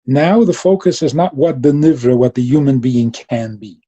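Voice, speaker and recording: Dark, husky-voiced man giving a Chassidic talk. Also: mid-range voice, moderate pace, dull audio. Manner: lively storytelling, mixing Yiddish and Hebrew terms. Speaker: Chassidic teacher.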